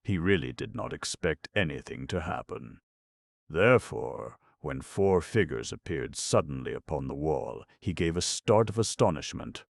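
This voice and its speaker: Super deep gravelly guy reading a kids audiobook, dry close sound. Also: lively intonation, moderate pace, no room sound. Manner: storybook reading. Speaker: audiobook narrator. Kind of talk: scripted narration.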